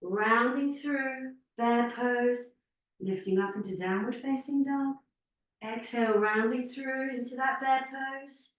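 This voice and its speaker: A woman's voice: fairly high pitch, takes it slowly, recorded from a distance. A woman leading a Pilates workout, counting reps aloud with short encouraging cues, a little winded as she exercises along. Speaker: Pilates instructor. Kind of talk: guided workout instruction. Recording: very echoey room, speaker away from mic.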